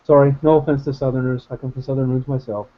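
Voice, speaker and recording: A man's voice: medium pitch, flat delivery, quick pace, highs cut off. A man in a casual Bible study discussion on a video call, rambling and hesitant but good-humored.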